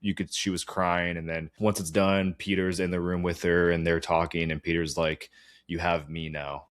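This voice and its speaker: A man's voice: sits low, flat delivery, moderate pace, dry recording, studio quality. A young man co-hosting a podcast in casual chat, earnestly walking through a scene step by step. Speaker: podcast co-host.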